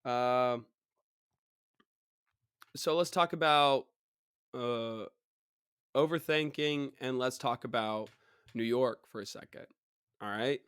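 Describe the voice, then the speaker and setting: A young man hosting a casual solo podcast. His voice is partly worn out from illness, and he rambles in an animated way. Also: medium pitch, slow pace, long pauses, clear, resonant tone, dry recording, clean studio sound. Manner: rambling and animated, mocking others in put-on voices. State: recovering, voice partly gone. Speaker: podcast host.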